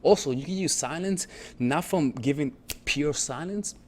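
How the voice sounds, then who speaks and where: Speaking at normal speed in a slightly high voice, a male dating coach talks casually and conversationally, profanely swearing and checking in with his listener again and again.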